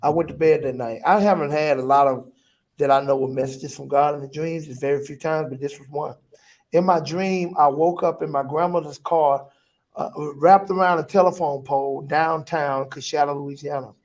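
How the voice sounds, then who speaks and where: Middle-aged pastor guy with a high voice, telling his story all animated, repeats himself a lot. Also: normal speed. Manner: vivid storyteller, Southern-style vernacular, repeats phrases. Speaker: pastor, guest.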